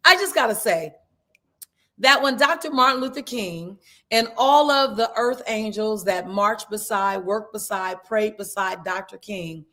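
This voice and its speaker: A woman's voice: medium pitch, unhurried, sharp tone. Woman, live-stream host, upbeat, playful, greets viewers by name. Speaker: host of a live online session. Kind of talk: lively live-stream chat. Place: indoors at a video production shoot.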